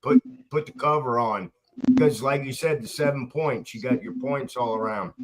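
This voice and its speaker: A man's voice: mid-range voice, moderate pace, a little hiss or hum, poor audio. A man joining a casual chat, agreeing and chiming in.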